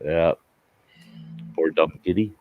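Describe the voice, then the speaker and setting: A man's voice: sits low, fairly even intonation, takes it slowly, no room sound, narrow, tinny audio, soft background music. A man hosting a show, telling a folksy campfire story in casual talk and chuckling through it. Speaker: storyteller host.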